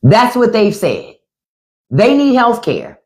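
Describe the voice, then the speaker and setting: On her livestream, a middle-aged woman offers casual political commentary, her lively pitch rising and falling. She speaks slowly, bluntly and with profanity, often dropping into mocking impressions of the people she's talking about.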